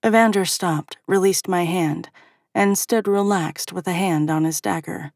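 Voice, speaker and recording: Low-voiced woman narrating a fantasy. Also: fairly even intonation, a little slow, vocal fry, no echo, studio quality. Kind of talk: first-person fantasy audiobook narration.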